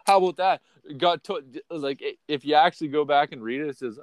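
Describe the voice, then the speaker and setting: A man's voice: fairly high pitch, brisk, hardly any pauses, dry recording. Profane, rambling male podcast host. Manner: profane, rambling, swings between loud and quiet. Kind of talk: unfiltered casual rant.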